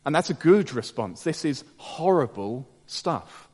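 A man preaching a sermon, dropping to hushed low tones and rising to emphatic peaks. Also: big pitch swings, unhurried. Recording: long reverb of a large hall.

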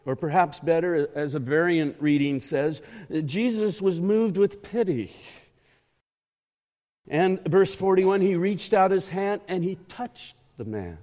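A man preaching a sermon in a church, emphatic and measured, asking the congregation rhetorical questions. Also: high voice, mellow. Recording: echoey hall.

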